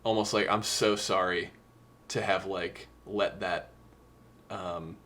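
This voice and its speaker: A man's voice: sits low, steady tone, slow, bright, forceful tone. A young man co-hosting a podcast, talking about songs in a casual, earnest and emotional way. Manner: earnest, emotional, quotes lyrics. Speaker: podcast co-host. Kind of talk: casual music discussion.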